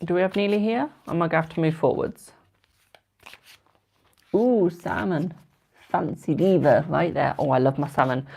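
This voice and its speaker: A young man in his twenties runs a live tarot stream, loose and gossipy, warmly calling everyone darling and boo. His voice carries a slightly gravelly, fry-tinged texture at the ends of phrases, and his delivery stays chatty and unhurried. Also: a little high, slight background noise. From United Kingdom. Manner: chatty and affectionate, calls viewers darling and boo. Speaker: tarot reader. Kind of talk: live-stream card readings, casual chat.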